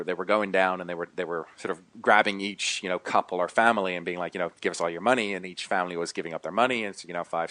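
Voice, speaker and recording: A man with a very low voice tells a long story in a loose, rambling way. He keeps stopping and starting again, with lots of fillers. The mic is close and dry. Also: a bit bright, dry recording. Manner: rambling, many fillers and restarts. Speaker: podcast guest. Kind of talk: casual storytelling.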